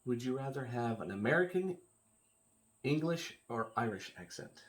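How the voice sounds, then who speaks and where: Laid-back, dry-humored man co-host, mid-pitched and casual. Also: animated, moderate pace. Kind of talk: casual chat. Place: home.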